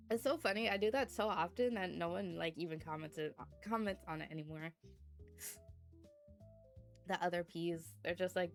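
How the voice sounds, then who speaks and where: A woman's voice: lowish voice, big pitch swings, a little slow, long pauses, soft background music. A young adult woman streamer chatting casually about a sleepless night, laughing often and breaking into bursts of mock outrage, sleepy and yawning. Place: indoors at home.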